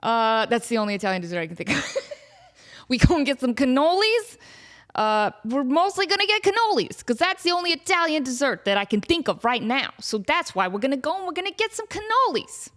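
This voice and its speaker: High-voiced woman telling a story. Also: fairly quick. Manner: animated, self-deprecating, laughs often. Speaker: podcast host. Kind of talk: casual storytelling.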